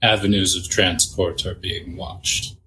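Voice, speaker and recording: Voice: low-pitched, fairly even intonation, a little slow, sharp tone, slight background noise. A player in a casual tabletop role-playing game who speaks in a playfully formal way.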